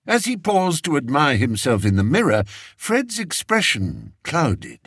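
A man narrating a story in an expressive, unhurried way, recorded close on a studio mic. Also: fairly high pitch, husky, no echo. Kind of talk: audiobook narration.

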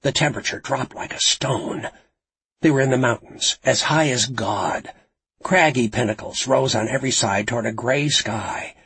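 Breathy, husky male audiobook narrator. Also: mid-range voice, normal speed, no room sound. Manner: dramatic, expressive storytelling.

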